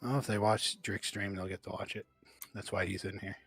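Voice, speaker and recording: Brief: low-voiced male game master, relaxed scene-setting narration over faint background music. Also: brisk, gravelly, husky, no room sound. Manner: casual, descriptive, many fillers.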